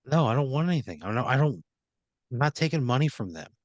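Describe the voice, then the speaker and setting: A man's voice: medium pitch, very animated, fast, dry recording, highs cut off. A man playing along in an improvised comedy game, answering with exasperated, profane retorts. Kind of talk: casual improv banter.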